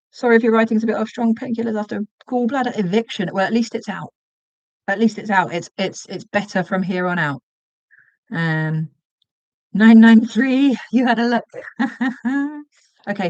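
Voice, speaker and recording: A woman hosting a casual livestream while she crochets. She chats, gets sidetracked, and counts her stitches out loud. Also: medium pitch, dry recording, muffled recording. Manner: chatty and easily sidetracked, counts stitches aloud. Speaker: livestream host.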